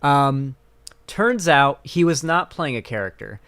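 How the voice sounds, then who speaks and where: A man's voice: mid-range voice, expressive, unhurried, a bit bright, smooth. A man hosting a casual commentary stream, talking in a rambling, sarcastic way with many fillers.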